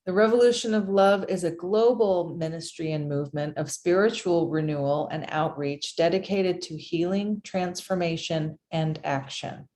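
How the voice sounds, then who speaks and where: Low-voiced woman reading a mission statement. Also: normal speed, hardly any pauses. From United States. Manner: steady, formal reading. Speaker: congregation member. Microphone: video call.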